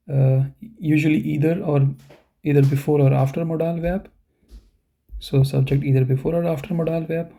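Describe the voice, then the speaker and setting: A man's voice: a little high, creaky, dark tone. A man teaching an online German class for beginners, explaining grammar step by step and often adding "you know" and "okay".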